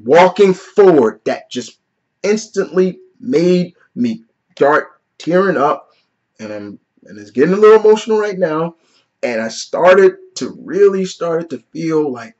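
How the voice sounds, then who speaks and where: A man's voice: on the high side, animated, a little slow, breathy edge, highs cut off. A man in his thirties giving a casual vlog movie review, earnest and openly emotional, talking in loose "you know" and "like" phrasing. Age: 30s.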